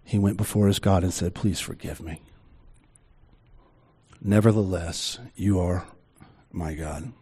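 A middle-aged man preaching a sermon in a conversational way, with slow, emphatic pauses. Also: low-pitched, steady tone, dark tone, husky. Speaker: pastor.

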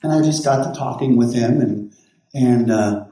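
A man's voice: mid-range voice, moderate pace, dark tone. Folksy pastor man in an echoey room. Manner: rambling, folksy, with many restarts and quoted dialogue. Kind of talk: casual storytelling.

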